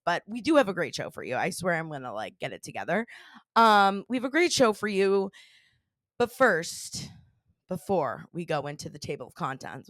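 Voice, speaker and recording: Bubbly woman podcast host, lively voice. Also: fairly low pitch, dry recording, studio quality. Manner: bubbly, rambling, laughs often. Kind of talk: casual podcast chat.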